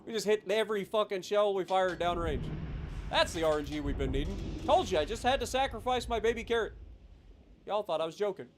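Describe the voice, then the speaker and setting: A man commenting on his own live gameplay stream, his voice sitting high for a man. He talks casually, then flares into loud, cursing rants at the game. A faint background hiss runs under the recording. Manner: profane, swings into loud ranting. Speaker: gaming livestreamer.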